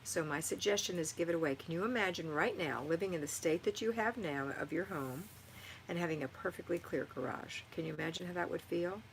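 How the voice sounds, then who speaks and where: A middle-aged woman with a lowish voice hosts a live stream. She reads viewer comments aloud and answers them with warm, motherly encouragement. Faint noise hums underneath. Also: fairly quick, low-quality recording. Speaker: livestream host answering viewer chat. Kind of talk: live-stream chat and home advice.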